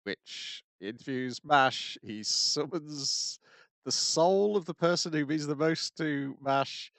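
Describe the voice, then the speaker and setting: Brief: mid-pitched male co-host, hesitant recap delivery, dry close sound. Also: a bit bright, no room sound. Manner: halting, many fillers. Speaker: podcast co-host. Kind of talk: casual plot recap.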